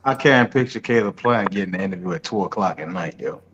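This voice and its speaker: A man's voice: low-pitched, quick pace, background noise. Blunt man on dull lo-fi audio. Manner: blunt, casual slang. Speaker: co-host. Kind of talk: casual live-stream chat.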